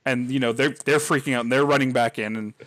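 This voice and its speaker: A man's voice: medium pitch, fairly even intonation, fast, fairly bright tone, no echo, studio quality. Rambling man telling a scary story. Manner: rambling, lots of "like", laughs while telling. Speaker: podcast host. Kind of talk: casual storytelling.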